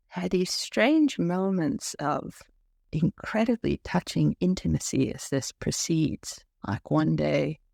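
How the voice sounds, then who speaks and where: A man who serves as a meditation teacher, telling a story in an unhurried, tender, musing way. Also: a little high, vocal fry, darkish tone, dry recording, studio quality. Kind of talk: reflective storytelling talk.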